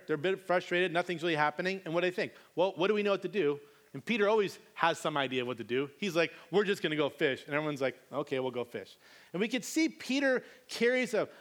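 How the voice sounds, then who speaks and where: A man's voice: a little high, a bit bright. A man preaching a sermon, reading scripture and then retelling it in a casual, conversational way with slangy asides.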